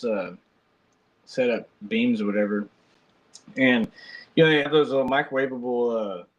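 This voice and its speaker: A man chats on his podcast, wandering through stories and often restarting his sentences. His voice sits at an ordinary middle pitch for a man. He speaks in a loose, everyday style. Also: low-quality recording. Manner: rambling storyteller, colloquial, many restarts. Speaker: podcast host. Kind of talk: casual chat.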